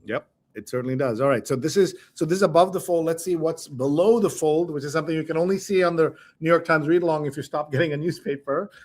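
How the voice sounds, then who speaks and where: Host: middle-aged man, casual chatty storyteller, slightly high voice. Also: quick pace, few pauses, a little mellow. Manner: chatty, storytelling, laughs often. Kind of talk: casual news discussion.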